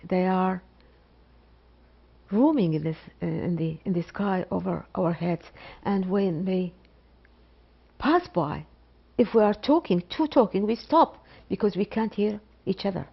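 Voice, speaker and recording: A middle-aged woman from Iraq, a biology professor speaking slowly and haltingly in an interview, with pauses and repetitions. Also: mid-range voice, animated, gravelly, breathy edge, faint music behind. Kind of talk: interview testimony. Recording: dull lo-fi interview recording.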